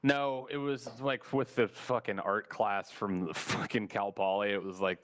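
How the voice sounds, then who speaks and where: A man hosting a casual podcast, telling stories in a profane, lively way and acting out the people in them. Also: fairly low pitch, measured pace, a little hiss or hum. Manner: profane, animated storyteller who acts out quoted people. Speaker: podcast host. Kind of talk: casual storytelling chat.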